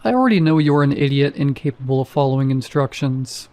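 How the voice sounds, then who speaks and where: A man voicing an apathetic male night security guard who speaks in a flat, bored monotone. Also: medium pitch, brisk, lightly acted. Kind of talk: horror story narration.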